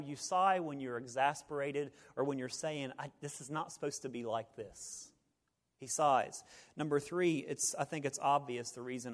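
A man preaching a sermon, swinging between hushed reflection and loud, joking asides. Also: mid-range voice, long reverb tail. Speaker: pastor.

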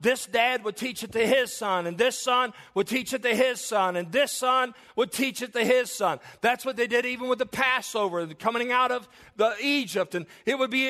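A man's voice: very high voice, bright, forceful tone. A male preacher delivering a sermon, emphatic and repetitive, telling stories to make his point.

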